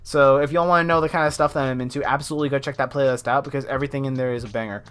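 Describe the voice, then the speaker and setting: A man's voice: mid-range voice, fairly even intonation, very fast, a bit bright, clear, resonant tone. Rambling young streamer guy. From United States. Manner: chatty, rambling, many fillers, laughs often. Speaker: art streamer. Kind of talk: casual live-stream chat. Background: faint lo-fi music.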